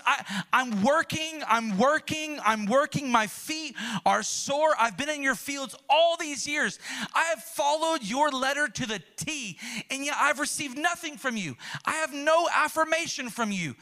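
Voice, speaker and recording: A man's voice: very high-pitched, sharp tone, pitched above the performer's own voice, heavily acted. A man acting out a resentful older brother who complains to his father in a whiny, pleading tone.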